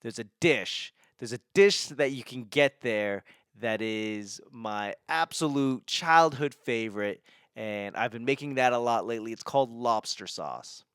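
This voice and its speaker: A man's voice: mid-range voice, measured pace, fairly bright tone, clear, resonant tone, no room sound, clean studio sound. A young man from New England hosting a podcast, rambling casually with self-mocking humor, frequent swearing and laughter. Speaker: podcast host. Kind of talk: casual monologue.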